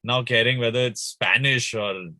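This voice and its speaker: A man's voice: medium pitch, moderate pace, sharp tone, dry recording. A young man, a musician talking casually in an interview, rambling with restarts and fillers. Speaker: guest musician.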